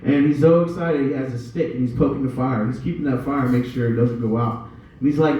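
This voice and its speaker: A man's voice: mid-range voice, lively intonation, fairly quick, mellow. Guy doing stand-up, rambling and swearing a lot, echoey room from across the way. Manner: rambling, profane, loose storytelling. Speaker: stand-up comedian. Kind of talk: stand-up comedy set. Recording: echoey room from far off, dull.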